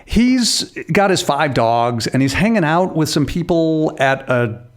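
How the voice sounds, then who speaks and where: Animated man co-hosting a podcast. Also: on the high side, unhurried. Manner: animated, laughing asides, frequent restarts. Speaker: podcast co-host. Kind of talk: casual conversational podcast.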